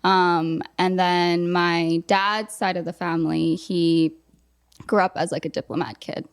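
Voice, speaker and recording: A woman's voice: fairly low pitch, fairly even intonation, a little slow, clean tone. A young adult woman speaking as a podcast guest, reflecting casually on her upbringing and often using "like" as a filler. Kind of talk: casual conversational interview.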